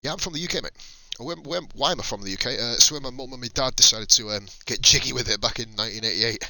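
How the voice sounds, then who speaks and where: A man's voice: medium pitch, quick pace, bright, forceful tone, no room sound, rough recording. A man in his thirties from North England with a Northern English accent, commentating a sim race on a live stream in a casual, chatty way, swearing and laughing often. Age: 30s.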